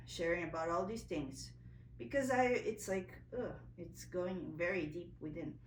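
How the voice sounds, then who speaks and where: A woman's voice: fairly low pitch, measured pace, echoey room, distant mic, slight background noise, poor audio. A woman vlogger telling a personal story in a candid, emotional way, a little nervous, full of fillers and restarts.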